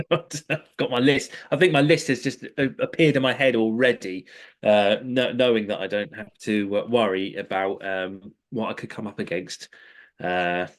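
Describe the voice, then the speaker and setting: Chatty man, low-ish voice. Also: fairly even intonation, normal speed. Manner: chatty, lots of fillers and restarts. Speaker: co-host. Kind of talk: casual podcast chat. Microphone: headphones, remote call.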